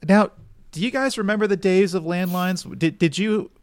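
A man's voice: sits high, normal speed, no echo, studio quality. A man in his thirties co-hosting a casual chat, laughing often and hesitating with fillers. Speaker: podcast co-host.

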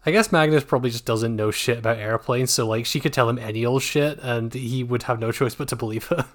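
A man co-hosting a casual book podcast, making sarcastic deadpan jokes and swearing casually. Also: medium pitch, fairly quick. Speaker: podcast co-host. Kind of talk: casual book-discussion chat.

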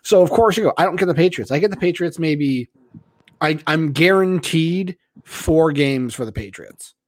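A man's voice: fairly high pitch, expressive, moderate pace, no echo. Host guy rambling on about his week, lots of restarts, dead dry sound. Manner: rambling, many restarts, trails off softly. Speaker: podcast host. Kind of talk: casual podcast chat.

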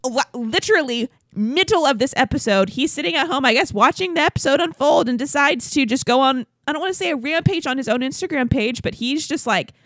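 A young woman hosting a podcast in casual chat, animated and laughing often. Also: sits high, fairly quick, few pauses, no room sound, clean studio sound. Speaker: podcast host.

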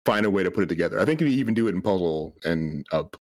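Man, game reviewer, very deep voice, dry close sound, relaxed musing chat. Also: very fast, no echo. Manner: laid-back, musing, wry questions. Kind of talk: casual review discussion.

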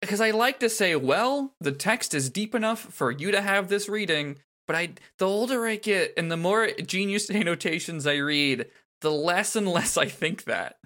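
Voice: mid-range voice, lively intonation, normal speed, few pauses, a bit bright. A podcast co-host in casual chat about song lyrics, chatty and laughing, with many restarts.

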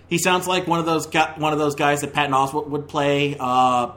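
A man's voice: on the high side, little pitch movement, normal speed, fairly bright tone. Ranting man on a movie podcast. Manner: heated, ranting, stumbling restarts. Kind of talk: casual opinionated review.

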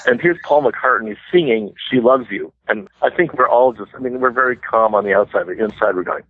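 A man's voice: mid-range voice, moderate pace, pushed and bright, no echo. An American man in his sixties, a guest musician telling chatty, self-deprecating stories in an interview. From United States. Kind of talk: casual storytelling interview. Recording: tinny phone-line radio sound.

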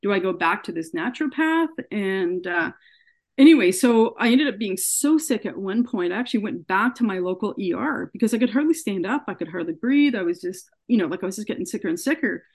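A woman's voice: mid-range voice, animated, brisk, a little mellow, slightly rough. A woman guest in a podcast interview, telling her own story earnestly and often repeating words as she goes. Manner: earnest, often acts out dialogue in her retelling; repeats words and restarts when upset. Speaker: guest, researcher.

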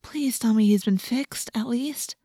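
A cautious, sensible teenage girl, as a woman reads her, speaking in a hushed near-whisper full of worry. The storybook sound is close and dry. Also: on the high side, a little slow, husky, no room sound. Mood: worried.

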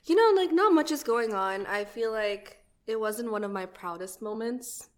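A woman's voice: fairly high pitch, expressive, moderate pace. A woman in a casual chat, giggly and self-deprecating about her year.

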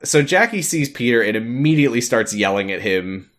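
A man cohosting a casual comedy podcast, walking through an episode's plot and slipping into silly character voices. His pitch swings widely as he talks, and he keeps a playful, joking tone. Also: lively intonation, fairly quick, fairly bright tone. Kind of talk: casual comedy recap chat.

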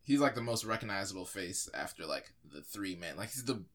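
A man's voice: deep voice, animated, a little fast, a crowd in the background. A man co-hosting a podcast, chatting casually about movies in a rambling way with lots of fillers. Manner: rambling, filler-heavy, restarts often. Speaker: podcast co-host.

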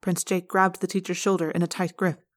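A woman reading an audiobook aloud in the first person, with steady, measured narration. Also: on the low side. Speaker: audiobook reader.

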